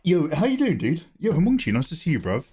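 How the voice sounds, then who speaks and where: A man, slightly hoarse from a cough, casually chatting and joking with viewers while he draws on a live stream. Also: fairly high pitch, wildly swooping pitch, quick pace, warm tone. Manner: chatty, joking, greets chat by name. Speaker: art streamer.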